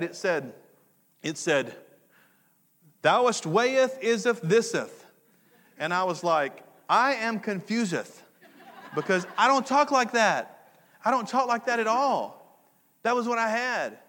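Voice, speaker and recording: A man's voice: on the high side, a bit bright. A middle-aged man preaching a sermon to his congregation, talking conversationally, repeating key phrases and throwing questions back to the audience. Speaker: pastor. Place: church hall. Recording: long hall reverb.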